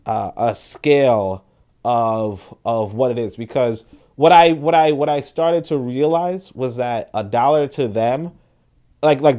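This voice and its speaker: A man's voice: mid-range voice, a little mellow. A man hosting a casual livestream, speaking to viewers in a rambling, conversational way, with frequent restarts and asides. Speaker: host.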